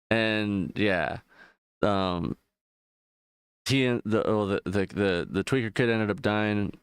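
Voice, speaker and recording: A man with a low, smooth voice rambles casually through a stream, swearing freely and leaning on fillers. The sound is dry and close, with no room around it. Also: takes it slowly, pauses often, no echo. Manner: rambling, profane, loose retelling with frequent fillers. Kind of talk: casual chat while gaming.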